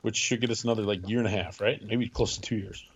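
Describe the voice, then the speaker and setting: A man's voice: on the low side, steady tone, fast talker, husky, highs cut off. A man co-hosting a podcast, talking in a friendly, self-deprecating way. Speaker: podcast co-host. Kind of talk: casual podcast chat.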